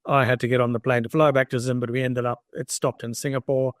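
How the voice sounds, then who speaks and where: A man's voice: mid-range voice, little pitch movement, fast talker, dry recording. An older man, a podcast guest, telling a long personal story in conversation and acting out the dialogue he quotes. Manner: anecdotal, acts out quoted dialogue. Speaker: guest entrepreneur.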